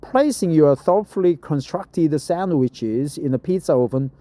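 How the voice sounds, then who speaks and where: A man's voice: a little high, animated, unhurried, mellow, no echo. A middle-aged man with a Korean accent, a native Korean speaker reading English text aloud for practice, repeating phrases and correcting his own pronunciation.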